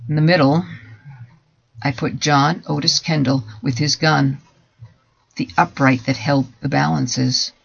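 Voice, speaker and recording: A man giving a dramatic first-person story reading in a measured, deliberate voice that drops to hushed softer passages. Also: a little high, fairly even intonation, vocal fry, husky. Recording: dull lo-fi recording.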